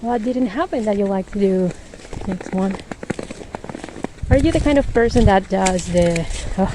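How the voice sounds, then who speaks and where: A woman's voice: mid-range voice, noisy background. Winded woman rambling on a snowy walk. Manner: rambling, laughs often, a bit winded. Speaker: podcast host. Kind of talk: casual monologue while walking. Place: outdoors on a snowy street.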